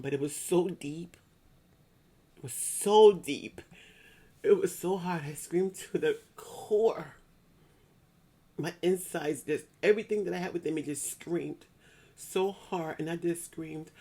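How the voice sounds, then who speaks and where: A woman's voice: low voice, warm tone, slightly rough. A middle-aged woman giving heartfelt personal testimony in an earnest, church-going manner, often repeating herself to drive a point home. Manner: earnest and repetitive, often circling back to restate a point. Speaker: speaker sharing a personal grief story.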